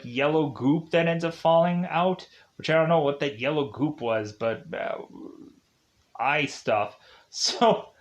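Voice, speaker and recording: A man giving a casual, rambling plot recap of a movie, full of fillers and self-corrections. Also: mid-range voice. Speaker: movie reviewer.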